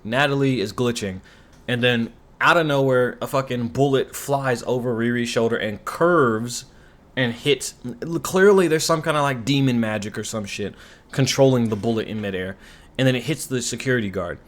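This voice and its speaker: A man's voice: mid-range voice, normal speed, a bit bright. A man talks through a show's plot in a loose, rambling recap. He swears freely and turns sarcastic whenever something annoys him. His voice sits in an ordinary middle range. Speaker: commentary YouTuber. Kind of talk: ranting show recap.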